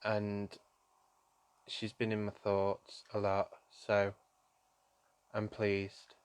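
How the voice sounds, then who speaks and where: A man, a psychic medium, gives a live-streamed tarot reading, speaking softly and affectionately to his viewers and calling them "my darling". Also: fairly low pitch, monotone, drawn-out words, clean tone, dry recording. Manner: gently emotional, soft-spoken.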